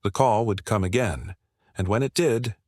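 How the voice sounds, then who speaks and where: A man narrates a dramatic war story from a script, in a steady and measured way. His voice sits low, and the recording is dry and close, with no room sound. The delivery stays even from line to line. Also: no room sound.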